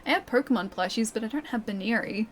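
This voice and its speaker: A woman's voice: on the high side, animated, fast, a little hiss or hum. A young Australian woman streaming a game, chatting casually with her chat and laughing often.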